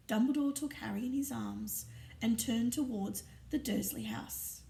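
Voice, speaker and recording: A woman reading a storybook aloud in an expressive, often hushed narrating voice. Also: on the high side, measured pace, creaky. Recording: roomy echo, distant mic, faint ambience.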